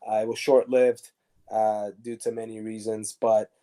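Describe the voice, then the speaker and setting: Brief: male guest, mellow warm tone, lively anecdote teller, podcast interview. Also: on the low side, unhurried. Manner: animated storyteller acting out dialogue. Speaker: guest, former pro soccer defender. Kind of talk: casual storytelling interview.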